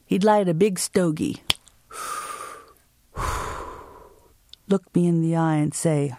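Speaking in a deep voice, a woman from the United States recounts a vivid personal story and responds to interview questions, performing each quote. The recording is dry and studio-clean, and she delivers it all slowly and expressively.

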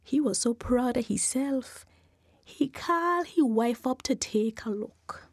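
A woman storyteller, telling a folk tale with lively, dramatic pacing. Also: fairly high pitch, slow, slightly rough, no echo, studio quality. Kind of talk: animated oral folk storytelling.

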